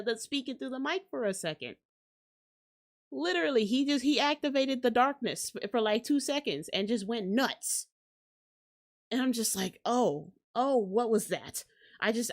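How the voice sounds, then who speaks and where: A young woman hosting a casual commentary rant, blunt and profane, laughing often and mocking people in put-on voices. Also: a little high. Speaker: commentary channel host.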